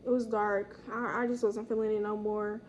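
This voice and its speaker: A young woman telling a casual story from her own life, slangy and animated, acting out the people she quotes. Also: medium pitch, normal speed, a little hiss or hum. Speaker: storytime vlogger.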